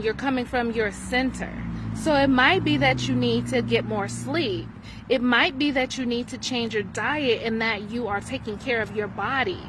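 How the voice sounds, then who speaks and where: Slow-talking woman, clear traffic noise behind. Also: on the high side. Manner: conversational, checks in with "right?" often. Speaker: spiritual self-healing teacher. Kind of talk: casual motivational talk to camera.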